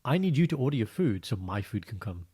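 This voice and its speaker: A young man co-hosting a casual podcast, telling animated stories and acting out quotes in a high voice. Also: quick pace, breathy edge. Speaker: podcast co-host. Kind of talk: casual chat.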